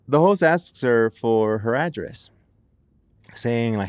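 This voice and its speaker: In a smooth, expressive mid-range voice, slow and full of pauses, a podcast host recounts a case, with no echo in the recording. He keeps it casual and chatty, restarting often and saying "like" a lot.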